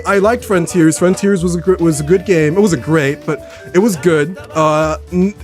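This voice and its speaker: An excitable young man hosts a live stream from his room, talking straight to his chat in a rambling, eager way. His voice sits a little high and sounds slightly worn, and faint music plays underneath. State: voice getting worn.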